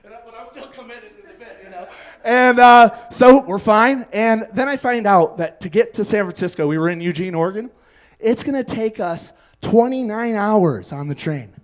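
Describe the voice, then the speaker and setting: Man, stand-up comedian, high voice, rambling storyteller, laughs at own jokes, comedy club stage. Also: normal speed.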